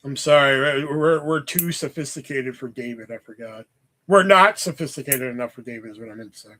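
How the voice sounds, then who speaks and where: A man's voice: mid-range voice, fairly quick, bright, forceful tone. A man hosting a casual livestream, chatting with viewers in a profane, joking, rambling way. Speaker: livestream host.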